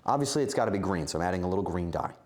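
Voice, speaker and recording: A man's voice: low-pitched, expressive, racing, a little mellow. A man streaming himself cooking in a home kitchen, chatting to his viewers in a rambling, self-mocking way with bursts of mock outrage. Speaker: streamer cooking live for chat. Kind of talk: rambling live-stream chat while cooking.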